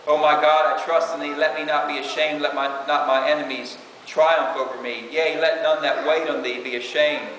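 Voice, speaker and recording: A man's voice: a little high, level tone, moderate pace, few pauses, fairly bright tone. Preacher man in an echoey hall. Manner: conversational, reads scripture aloud, frequent "you know". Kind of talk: informal sermon. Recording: echoey hall with faint hiss.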